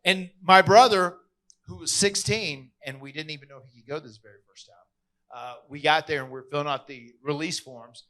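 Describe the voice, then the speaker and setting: A man's voice: a little high, moderate pace. A man hosting a podcast, telling a story casually, acting out the people he quotes and often restarting his sentences. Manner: animated, acts out quoted voices.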